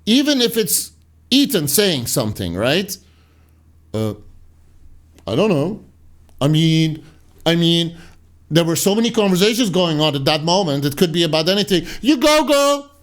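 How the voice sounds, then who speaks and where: A man reading viewer comments off the screen and arguing with them in a casual, rambling way. His voice sits a little higher than most men's. Sarcastic asides often sink into low mutters. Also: expressive, normal speed, long pauses. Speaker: commentary channel host.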